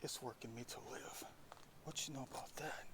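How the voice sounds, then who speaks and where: A man's voice: mid-range voice, fairly even intonation, moderate pace, heavy background noise. A man narrating a casual outdoor vlog, musing to himself and often dropping into a whisper while picking up trash in the woods. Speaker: vlogger. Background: insects and crickets.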